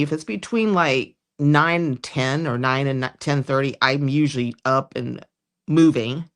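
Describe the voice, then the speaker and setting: A livestream host in casual chat, talking in a rambling, chatty way that often trails off mid-sentence. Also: medium pitch.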